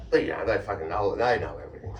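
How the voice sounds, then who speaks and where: A man with an Australian accent tells blunt, sweary stories and laughs often. His voice sits on the low side. It sounds echoey and a little far from the mic, as if recorded across a room. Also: lively intonation, fast talker, dull audio, very noisy. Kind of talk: casual storytelling chat. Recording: echoey room, voice picked up from a distance.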